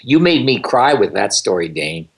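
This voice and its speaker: A man's voice: fairly low pitch, sing-song, normal speed. Man hosting, calling the caller honey. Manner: warmly familiar with callers. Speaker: host. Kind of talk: call-in radio talk.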